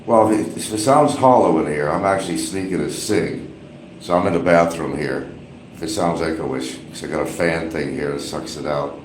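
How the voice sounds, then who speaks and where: A man's voice: rumbling low, normal speed. A man live-streaming casual, rambling, gossipy commentary from a small bathroom with an exhaust fan running. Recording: echoey bathroom, faint fan hum.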